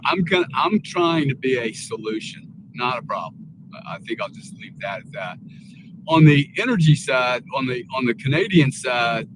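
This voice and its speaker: A man's voice: mid-range voice, noisy background. A man speaking earnestly and rambling with many restarts as a guest on a casual live panel talk.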